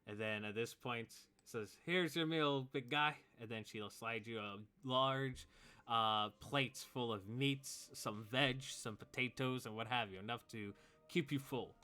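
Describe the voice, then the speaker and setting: A man running a tabletop game as game master, casual and rambling, with quick sound-effect interjections. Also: mid-range voice, fairly even intonation, pushed and bright, clean tone.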